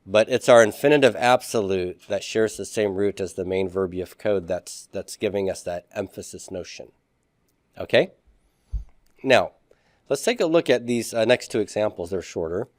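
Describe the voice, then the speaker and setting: A man teaching a recorded grammar lecture, explaining step by step, spelling out Hebrew words slowly and often asking "okay?" to check in. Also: lowish voice, dry recording, clean studio sound.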